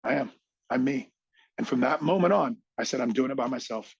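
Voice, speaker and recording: A man's voice: mid-range voice, brisk, gravelly, breathy edge, dry recording, lo-fi sound. A middle-aged man, a podcast guest, tells a motivational story with emphatic energy and acts out other people's lines.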